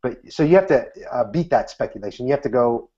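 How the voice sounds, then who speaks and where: Animated man in his thirties, dull recording. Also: mid-range voice, quick pace. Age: 30s. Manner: animated, acts out quoted lines in a lifted voice. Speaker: magician guest. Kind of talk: casual interview answers.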